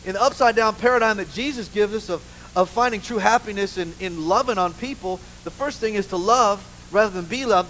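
A man preaching a sermon in church, an animated, humorous storyteller who keeps saying "you know". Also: high voice, fairly quick, slight background noise, low-quality recording. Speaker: pastor. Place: church with a live congregation.

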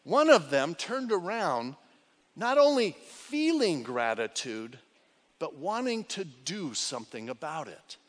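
A male pastor preaching a sermon with dramatic swings between loud cries and hushed lines. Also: fairly high pitch, very animated, takes it slowly. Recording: long hall reverb.

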